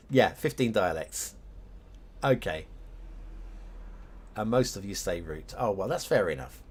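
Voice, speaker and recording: Male streamer, non-native English, chatty and laughing, drawn-out pace with a lively pitch. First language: not English. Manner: chatty, laughing, thinks aloud to chat. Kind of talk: live game stream chat.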